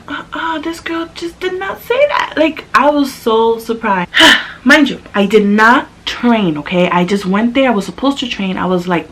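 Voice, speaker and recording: A young adult woman vlogger telling a story in casual chat. She is animated and sassy, and her voice jumps up high when she quotes people. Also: low-quality recording.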